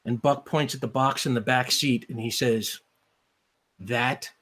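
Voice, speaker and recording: A man serves as game master of a streamed tabletop game, narrating scenes in a rambling way full of fillers. His voice sits at an ordinary middle pitch. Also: fairly even intonation, normal speed, a bit bright.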